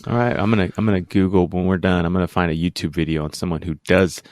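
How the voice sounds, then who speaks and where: A man's voice: deep voice, fairly even intonation, quick pace, darkish tone, no room sound, clean studio sound. A man hosting a podcast interview, chatty and upbeat, often restarting his sentences. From United States. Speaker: podcast host. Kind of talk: casual interview chat.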